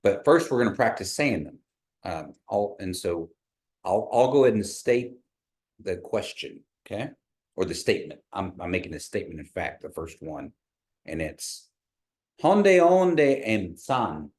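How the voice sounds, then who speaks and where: Patient low-voiced man teaching a class. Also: lively intonation, a little mellow. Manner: patient, encouraging, slows down to model tones. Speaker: language teacher.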